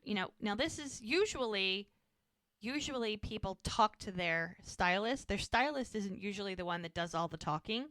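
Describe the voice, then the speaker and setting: Podcast co-host, female, lively recap storyteller, bright tone, dry close sound. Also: mid-range voice, normal speed, dry recording. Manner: animated retelling, acting out characters' lines. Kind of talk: casual chat, recapping a TV episode.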